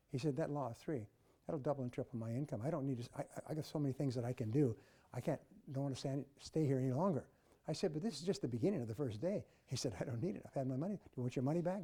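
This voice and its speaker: An older man telling motivational stories, emphatic and animated, mimicking office chatter. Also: medium pitch, breathy edge. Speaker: speaker. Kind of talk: motivational storytelling.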